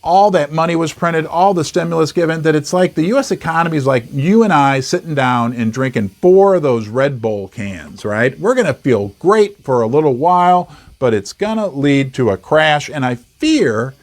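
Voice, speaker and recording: A man's voice: a little high, animated, normal speed, few pauses. A middle-aged man hosting his own channel, giving casual market commentary in an emphatic way, often repeating words for stress. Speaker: host.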